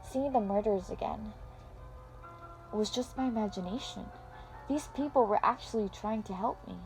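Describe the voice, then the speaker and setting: A woman's voice: mid-range voice, moderate pace, soft background music, low-quality recording. Woman reading a dramatic story. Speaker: story reader. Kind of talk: first-person story reading.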